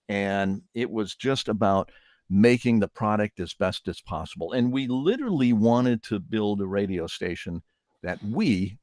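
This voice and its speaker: A man's voice: fairly low pitch, a little mellow, no room sound, studio quality. Older man reminiscing about radio days. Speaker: former morning radio host, guest. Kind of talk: reminiscing interview.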